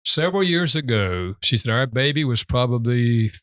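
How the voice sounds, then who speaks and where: An older man speaks as a guest author in a relaxed interview. He tells his stories at a middle pitch and jumps higher whenever he quotes someone. The sound is dry and close. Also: moderate pace, clear, resonant tone, no echo. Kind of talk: storytelling interview chat.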